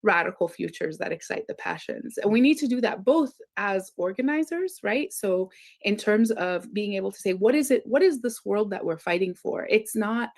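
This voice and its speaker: Gravelly-voiced woman professor, halting and academic. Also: medium pitch, expressive. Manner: hesitant, many fillers and "right?" tags. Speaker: university professor. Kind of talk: academic discussion.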